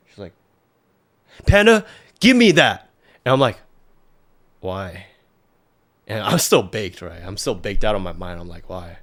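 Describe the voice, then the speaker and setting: A young man with a somewhat low voice tells a story from his past as a podcast guest. He talks loosely and rambles, packing his sentences with fillers and false starts. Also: a bit bright. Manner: rambling, heavy on filler words and restarts. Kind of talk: casual storytelling.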